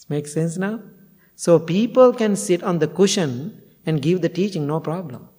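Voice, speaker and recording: A man's voice: a little high, takes it slowly, long pauses, warm tone, slightly rough. A male Buddhist monk giving a dharma talk, telling stories in non-native phrasing and chuckling often. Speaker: Buddhist monk and meditation teacher. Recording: long hall reverb.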